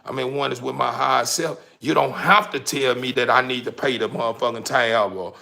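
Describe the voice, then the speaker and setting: A gravelly-voiced young man sermonizes in a casual monologue. His pitch sits in the middle of the range, and he gets heated and profane. He often stumbles through repeated words. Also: steady tone, brisk, sharp tone. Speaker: vlogger.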